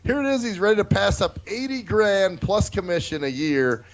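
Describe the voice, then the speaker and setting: A man's voice: high voice, normal speed, highs cut off, a little hiss or hum. A man co-hosting a casual chat, reacting with laughs and short swearing comments. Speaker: podcast co-host.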